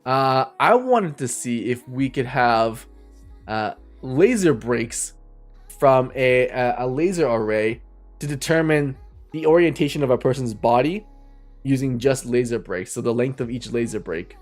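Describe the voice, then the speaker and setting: A man's voice: mid-range voice, lively intonation, measured pace, soft background music. A man chatting casually and rambling with viewers on a live stream, laughing often. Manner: rambling, giggly, talks to viewers.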